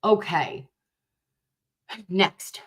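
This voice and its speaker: A woman from Dorchester with a Boston accent, hosting a casual reaction chat. She talks in an animated, excitable way, swears freely and calls her viewers babe and loves. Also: very slow. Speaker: host reacting to a juror interview.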